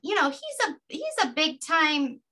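A woman in her fifties, a podcast guest, sharing a personal practice in an earnest, gently guiding way. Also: sits high, big pitch swings. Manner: earnest, gently guiding, slow deliberate affirmations.

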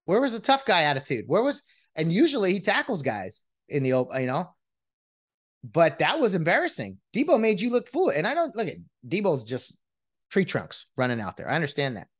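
A man vents about football in a casual rant, his pitch leaping and falling as he goes. He sounds exasperated and mocking, stumbling over restarts as the words pile up. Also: huge pitch swings, fairly quick. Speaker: sports commentator venting as a fan.

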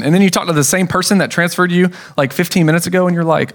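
A man's voice: fairly high pitch, very fast, hardly any pauses. A man preaching a sermon as pastor, telling a story in a casual way with acted-out quotes.

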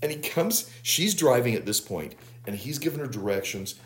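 A man co-hosting a podcast, retelling an episode's plot in a casual, animated way and laughing as he goes. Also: medium pitch, normal speed. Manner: animated storyteller, laughs while retelling plots. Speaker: podcast co-host. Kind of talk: casual episode recap chat.

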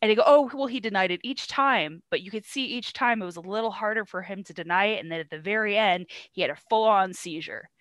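A woman's voice: medium pitch, quick pace, hardly any pauses, fairly bright tone, no echo. A young woman co-hosting a podcast, retelling a play in casual, swearing slang and acting out the characters in bits. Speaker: podcast co-host.

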